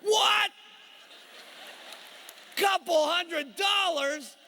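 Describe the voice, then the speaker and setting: A man playing a loud, angry husband who shouts in disbelief. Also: very high voice, very slow, vocal fry, voice pushed up, full character voice. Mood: outraged. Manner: shouting, incredulous. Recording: long hall reverb.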